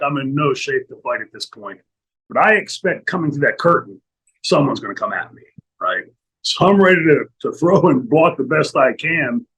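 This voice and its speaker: A middle-aged man tells a profane story as an interview guest. His voice is husky and sits a little high. He acts out every quote with animated energy. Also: poor audio.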